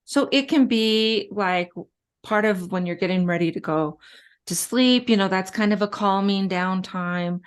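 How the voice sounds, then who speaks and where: A middle-aged woman with a clear, resonant, mid-range voice speaks a little slowly. She's a respiratory therapist appearing as a guest in a casual interview, chatty and full of stories, with frequent fillers.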